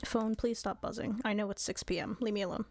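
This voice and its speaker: A woman's voice: medium pitch, steady tone, brisk, a little mellow, slight background noise. A woman streamer chatting casually with her viewers, giggly and apologetic.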